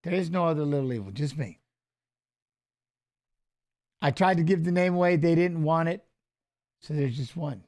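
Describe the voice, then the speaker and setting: A middle-aged former fighter hosting a casual live stream, rambling through stories and swearing freely. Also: male voice, on the high side, normal speed, pauses often, a little mellow. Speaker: show host and former fighter.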